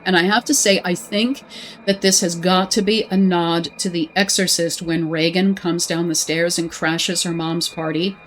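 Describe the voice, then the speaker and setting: A woman explaining a horror film in a measured, scripted commentary. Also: on the low side, a little hiss or hum.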